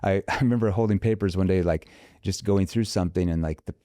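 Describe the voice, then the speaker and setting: A man's voice: low-pitched, fast, warm tone, no echo, studio quality. A man talking as a sales trainer guest in a podcast interview, emphatic, acting out sample phone calls in an upbeat voice.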